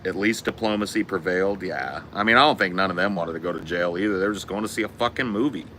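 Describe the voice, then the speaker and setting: A man hosting a podcast, telling a story in a profane, laid-back, animated way. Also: sits low, quick pace, slight background noise. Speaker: podcast host. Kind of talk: casual chat, storytelling.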